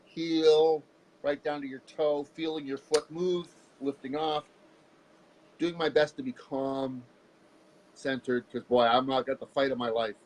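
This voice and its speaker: A man from Canada, a guest in an interview, telling his own story candidly and with animated energy. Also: mid-range voice, a little slow, a little hiss or hum, poor audio. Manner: animated, candid storyteller who jumps into voices.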